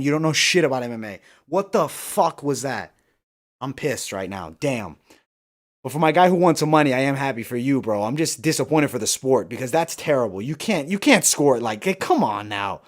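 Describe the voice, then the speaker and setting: A man's voice: medium pitch, expressive, normal speed. A man hosting a live fight-night stream, chatting with viewers and ranting heatedly about the judging, with lots of swearing. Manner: reads and answers viewer comments. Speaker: livestream host. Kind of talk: live fight commentary chat.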